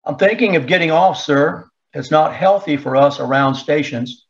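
A man's voice: on the high side, normal speed, vocal fry. Earnest, loyal army sergeant in a storybook reading, respectful, voiced by a man, dull lo-fi audio.

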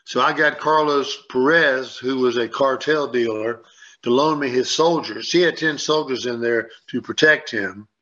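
A man's voice: mid-range voice, normal speed, bright, forceful tone. A man on a sports radio show, rambling and repeating himself as he tells a story and acts out what people said. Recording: dull lo-fi sound.

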